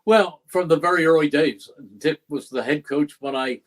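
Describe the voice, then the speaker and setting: Here a longtime play-by-play announcer, now older, shares stories during a podcast interview in the studio, looking back with feeling and reciting what people said. He speaks at ordinary speed in a fairly high register, captured on a low-quality recording.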